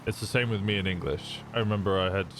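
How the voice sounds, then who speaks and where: Low-voiced man chatting casually on stream. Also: fast talker. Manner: loose and chatty, swears often, stumbles and restarts. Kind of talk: casual chat to a live stream chat. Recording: noisy background.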